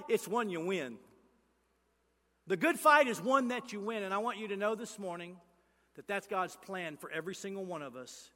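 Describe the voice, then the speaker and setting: A male pastor, preaching a sermon with emphatic, repetitive lines that swing between loud and hushed. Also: sits high, big-room sound.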